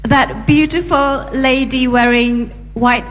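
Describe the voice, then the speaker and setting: A woman English tutor who gently corrects phrasing and explains in a measured, careful way. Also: high-pitched, steady tone, long reverb tail, faint music behind. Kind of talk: explaining in a classroom.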